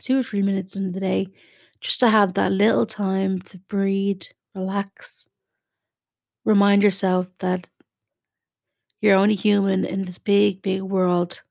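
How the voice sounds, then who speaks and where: A woman hosting a podcast, gently guiding a relaxation exercise and then talking about her own experience. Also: medium pitch, gravelly. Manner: gentle, soothing, unhurried. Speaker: podcast host. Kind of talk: guided relaxation and personal podcast talk.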